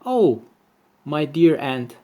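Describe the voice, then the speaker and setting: A timid badger from a children's storybook, voiced by a male reader, soft-spoken and polite. The voice sounds fretful. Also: on the high side, sing-song, drawn-out words, lo-fi sound, pitched above the performer's own voice, heavily acted. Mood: worried.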